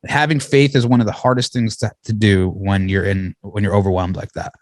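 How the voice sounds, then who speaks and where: A man's voice: lowish voice, fairly even intonation, a little fast, dry recording. Man swearing casually as a guest. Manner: swears freely, rambling, laughs often. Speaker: podcast guest. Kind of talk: casual podcast conversation.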